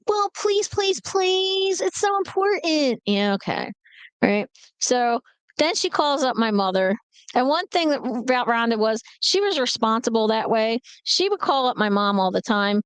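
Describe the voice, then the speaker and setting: A woman in her forties telling a family story to a live chat, animated and blunt. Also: fairly high pitch, normal speed, smooth, no room sound. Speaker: livestream host.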